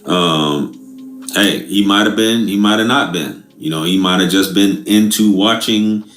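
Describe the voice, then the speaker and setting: A man's voice: sits low, a little slow, a bit bright, roomy sound, faint music behind. A man hosting a reaction channel, talking in laid-back, slangy banter. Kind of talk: casual reaction commentary.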